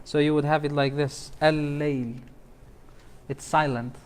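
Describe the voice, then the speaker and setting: Imam quizzing a tajweed class. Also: male voice, on the high side, flat delivery, slight background noise. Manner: quizzes students letter by letter, drawn-out recitation of words. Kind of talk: classroom teaching.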